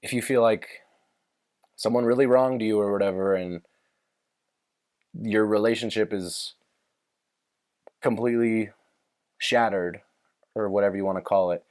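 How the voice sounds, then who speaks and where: A young man with a lowish voice hosts a podcast in loose, casual chat. He rambles, swears freely and restarts his sentences as he talks things through. He also retells scenes from movies in his own words. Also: fairly even intonation, a little slow, long pauses, a little mellow. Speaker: podcast host.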